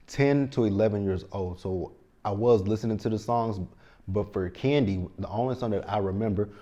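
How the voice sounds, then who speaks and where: A man's voice: fairly low pitch, a little mellow, lo-fi sound. A man in his thirties giving a blunt, sassy, casual recap of a reality TV episode, with lots of slang. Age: 30s.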